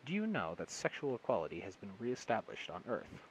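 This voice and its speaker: A man reading an audiobook, voicing a calm, urbane man from Earth who speaks low and politely. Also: fairly quick, slight background noise, low-quality recording.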